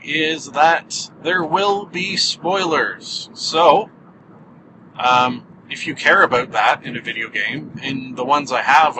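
A man hosting a podcast alone, talking casually and joking wryly at his own expense while driving. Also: fairly high pitch. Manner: wry, joking, self-mocking. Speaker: podcast host. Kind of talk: casual solo podcast monologue. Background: car engine and road hum.

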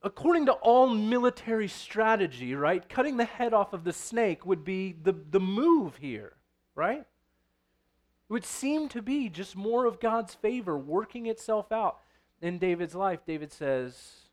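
Man, preacher, high voice, sermon, reads scripture then explains it casually. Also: big pitch swings, measured pace. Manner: reads scripture aloud, then explains it conversationally with frequent "right?".

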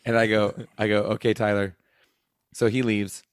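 Male teacher, low-ish voice, casual rambling storyteller, dry sound. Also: flat delivery, moderate pace, clear, resonant tone, dry recording. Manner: rambling, laughing mid-story, acting out dialogue. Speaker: teacher and podcast host.

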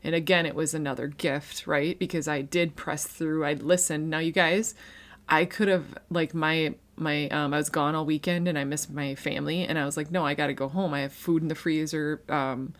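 A woman's voice: low-pitched, steady tone, normal speed. A woman in her thirties sharing an emotional personal faith testimony, earnest and conversational, with frequent restarts and fillers. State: emotional, near tears.

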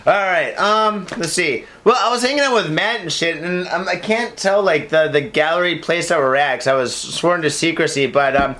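A man co-hosting a podcast, laid-back and swearing, telling animated stories in casual banter. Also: fairly high pitch, moderate pace, hardly any pauses. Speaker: podcast co-host.

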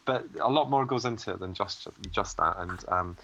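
Low-voiced man, bright tone. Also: moderate pace, muffled recording, slight background noise. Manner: teasing, easygoing. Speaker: podcast co-host. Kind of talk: casual chat.

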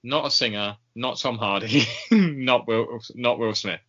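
Slow, hesitant man, bright voice. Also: medium pitch, dull audio. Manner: slow, hesitant, many ums and pauses. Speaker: podcast co-host. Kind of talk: casual chat.

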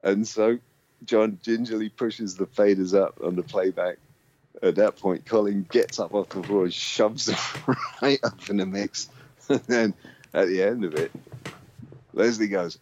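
A man with a very deep voice telling a rambling anecdote, swearing freely and laughing often. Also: normal speed, darkish tone. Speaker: musician guest. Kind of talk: casual storytelling. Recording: dull lo-fi sound.

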